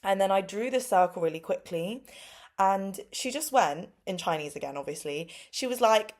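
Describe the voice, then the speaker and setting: A woman in her twenties with a London accent, telling a casual storytime about teaching, full of fillers, and her pitch leaps up when she acts out quotes. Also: expressive, normal speed, a little mellow. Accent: London English. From London, England. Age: 20s. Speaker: English teacher vlogger. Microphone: phone or laptop mic.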